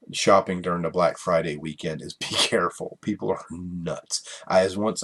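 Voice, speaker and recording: A man's voice: low voice, fairly bright tone, husky. A man hosting a casual solo podcast, rambling and chuckling through his stories with many fillers. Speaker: podcast host.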